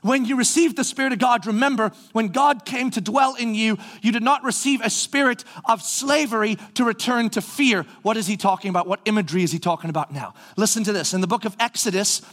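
Guy preaching a sermon, really high voice, gets loud and animated, does little voices. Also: fairly quick, few pauses. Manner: animated, acts out voices of the people, rising to shouts. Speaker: pastor.

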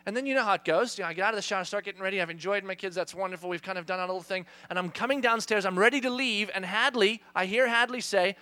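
A man in his thirties, a pastor telling a lively, self-mocking story during a church sermon. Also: high-pitched, racing, hardly any pauses.

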